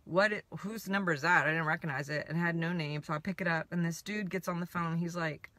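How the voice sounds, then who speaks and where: A spiritual coach tells a personal story in a casual, rambling, animated way, sprinkling in lots of "I'm like" asides. Her voice is fairly low and a little fast, with no echo.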